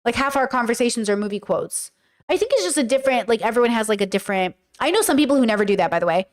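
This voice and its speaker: A woman with a high voice hosts a casual commentary video, reacting to viewer comments. She rambles animatedly, full of fillers, and keeps slipping into playful mimicked voices. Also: animated, very fast. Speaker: YouTuber and podcast host.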